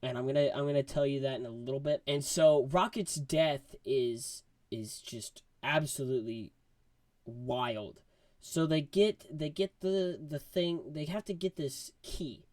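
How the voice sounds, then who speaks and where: A man giving a casual movie review, rambling and excitable, full of fillers. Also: fairly high pitch, unhurried, dry recording.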